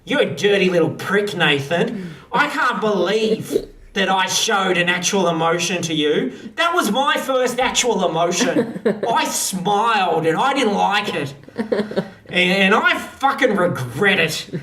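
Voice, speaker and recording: A spiteful, cold young woman, as a game master puts her on, hurling sweary threats. The voice is pitched above the narration. It is recorded away from the mic in an echoey room. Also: animated, a little slow, bright, forceful tone, recorded from a distance.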